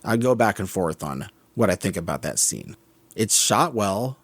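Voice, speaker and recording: With a fairly low, husky voice and lively intonation, a man speaks at a moderate pace with no room sound. He's a podcast co-host in a casual film discussion, musing critically about the movie's scenes and often correcting himself mid-sentence.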